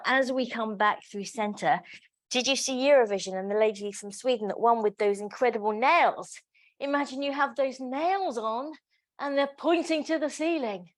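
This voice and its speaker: Chatty woman leading a pilates class. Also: on the high side. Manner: chatty, joking asides between counted cues. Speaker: pilates instructor. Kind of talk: live exercise class instruction.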